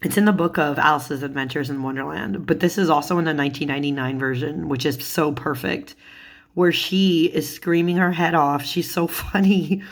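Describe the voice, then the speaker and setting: A woman's voice: low voice, normal speed. A woman in a casual vlog, chatting about tarot cards, laughing often and swearing casually. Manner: giggly, laughs often while talking. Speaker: tarot vlogger.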